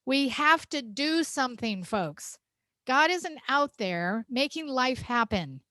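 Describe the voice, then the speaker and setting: A woman's voice: sits high, expressive, slow pace, pushed and bright, no echo. A woman minister giving a heartfelt, emphatic sermon, laughing often as she speaks. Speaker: senior minister. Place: church sanctuary.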